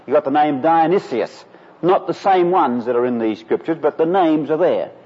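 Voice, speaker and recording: A man's voice: a little high, normal speed, husky. A man preaching a sermon in an earnest way, rising to emphatic peaks. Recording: lo-fi recording in a reverberant hall.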